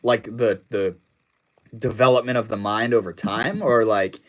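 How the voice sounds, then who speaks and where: A young man hosting a casual livestream, reading chat messages aloud and answering in a laid-back, slangy way that trails off into low mumbles. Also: steady tone, measured pace, a bit bright, rough recording. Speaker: livestream host.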